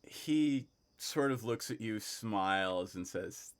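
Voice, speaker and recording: A man's voice: on the low side, expressive, takes it slowly, clean tone. A man narrating as game master of a tabletop game, hesitant with many fillers and restarts.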